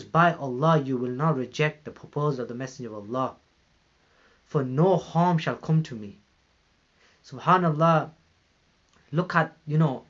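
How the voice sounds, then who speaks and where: A man's voice: mid-range voice, highs cut off. A British man giving a Ramadan talk at a mosque, retelling a story in an earnest way, often saying "you know". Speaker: mosque speaker.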